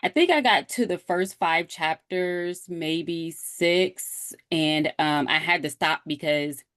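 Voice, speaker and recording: A woman in a casual book club discussion, sharing personal experience openly and retelling moments in a lively way. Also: on the low side, slow pace, dry recording, clean studio sound.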